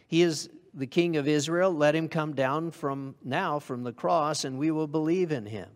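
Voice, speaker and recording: A man preaching a sermon with a somewhat high voice. He talks in a conversational way and asks his congregation questions. His voice carries a long reverb from the church hall. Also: normal speed.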